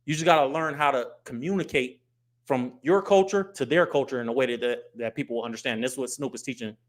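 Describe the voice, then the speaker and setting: A middle-aged American man hosts his own show, speaking casually to the camera in US English. He talks fast in a mid-range voice and is animated, acting out street and business voices to make his points.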